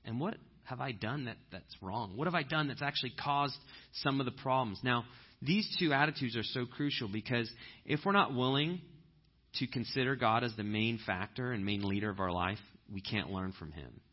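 A man preaching a conversational sermon, telling stories and breaking into loud animated impressions. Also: medium pitch, moderate pace, muffled recording. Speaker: pastor.

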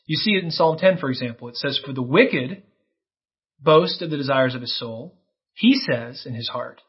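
Husky-voiced man preaching a sermon. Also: medium pitch, normal speed, muffled recording. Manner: earnest, animated preaching with rhetorical questions. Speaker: pastor.

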